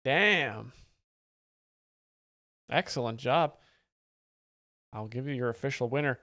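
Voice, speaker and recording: A man hosting a live stream, giving mock-expert commentary and reading chat in a deadpan, easily distracted way. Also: mid-range voice, slow, pauses often, dry recording, studio quality, faint music behind. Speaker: livestream host. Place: home setup with several screens.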